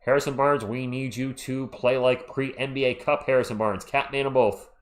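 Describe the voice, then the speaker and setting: A man's voice: medium pitch, moderate pace. A man hosting a live play-by-play stream, calling the action as an open fan and greeting viewers in the chat. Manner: excitable, fan-biased, chatty with viewers. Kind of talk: live play-by-play commentary with chat shout-outs.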